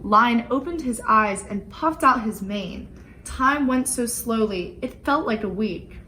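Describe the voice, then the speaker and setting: Slow, expressive woman reading a storybook. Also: on the high side, a little hiss or hum, rough recording. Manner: expressive storytelling, playful emphasis. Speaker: volunteer children's book reader. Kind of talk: reading a rhyming picture book aloud.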